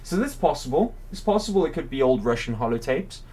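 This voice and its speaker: A man's voice: medium pitch, sing-song, fast, darkish tone, breathy edge. A man commentating his game live, musing aloud in a rambling, curious way. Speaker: game streamer. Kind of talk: livestream gameplay commentary.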